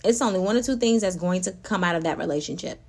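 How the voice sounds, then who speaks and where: A woman hosting a casual spiritual talk, animated and laughing often as she speaks straight to her listeners. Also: on the low side, quick pace. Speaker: podcast host.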